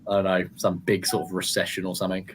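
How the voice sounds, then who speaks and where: A man's voice: low-pitched, monotone, fast, slight background noise. A man in his twenties from England, chatting casually in a blunt, sweary way and laughing often. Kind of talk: casual chat.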